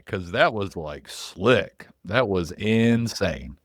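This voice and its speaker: A middle-aged man co-hosting a podcast in loose, animated, casual chat, full of "like" and the odd swear. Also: on the low side, slow pace, dry recording, studio quality. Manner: loose, animated and profane, heavy on "like" fillers. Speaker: podcast co-host.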